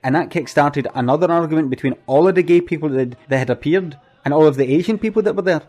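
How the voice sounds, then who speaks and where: A man's voice: on the high side, quick pace, a little mellow, close to an everyday voice. A flustered, earnest community organiser, played by a man, with a slightly raised voice. He stumbles and repeats his words, sounding apologetic and anxious throughout his comic monologue. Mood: rueful. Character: anxious, flustered middle-aged male community event organiser. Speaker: event organiser.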